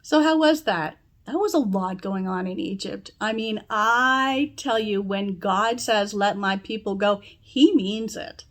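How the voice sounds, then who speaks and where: A woman's voice: medium pitch, unhurried, hardly any pauses. A woman wrapping up a children's church lesson in an encouraging, emphatic manner. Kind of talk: kids' lesson wrap-up.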